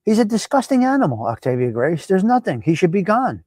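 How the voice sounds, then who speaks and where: A man hosting a casual live-stream chat, brash, profane and animated as he talks back at viewers by name. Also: high-pitched, a little fast, no room sound. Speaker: live show host.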